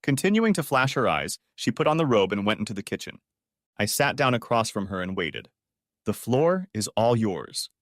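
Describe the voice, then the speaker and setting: A male audiobook narrator tells a dramatic first-person story. His pitch rises and falls with a lot of life, and the recording is close and dry with no room sound. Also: big pitch swings, a little fast, fairly bright tone, dry recording.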